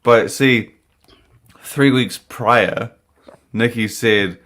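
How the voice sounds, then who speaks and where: A man's voice: medium pitch, drawn-out words, fairly bright tone. A man telling a story on a podcast panel in a laid-back, profane, casual way, acting out the dialogue he quotes. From New Zealand.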